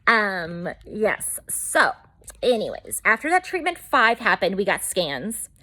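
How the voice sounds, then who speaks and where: A woman's voice: medium pitch, very animated, takes it slowly, pushed and bright. A woman vlogger telling her own story in a chatty, rambling way with lots of fillers. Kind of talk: casual storytelling to camera.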